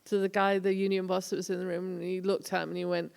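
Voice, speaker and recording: A woman's voice: fairly low pitch, flat delivery, fast talker, vocal fry, few pauses, a little mellow, clean tone. A woman, a former tour manager telling road stories in a casual lecture, acting out the people she quotes. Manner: chatty storyteller, acts out quoted voices. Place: college lecture hall. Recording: echoey hall.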